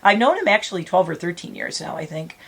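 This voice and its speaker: A woman's voice: lowish voice, very animated, quick pace, vocal fry, fairly bright tone, slightly rough. A middle-aged woman vlogging casually, rambling and close to tears, laughing through emotion. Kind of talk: emotional casual vlog talk.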